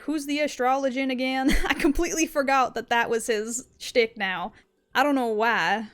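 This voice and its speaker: A woman's voice: a little high, clean tone. Giggly, swearing young woman streamer. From not American. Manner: laughs often, swears casually, playful. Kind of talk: casual gameplay commentary, reading game dialogue aloud.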